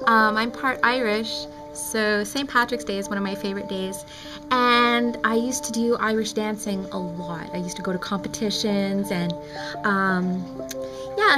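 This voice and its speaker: A woman's voice: fairly high pitch, low-quality recording. A young woman chatting casually in a home vlog, playful and goofy, slipping into sing-song. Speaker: vlogger. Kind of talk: casual vlog with silly made-up songs. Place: indoors at a window at home. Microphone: camera mic.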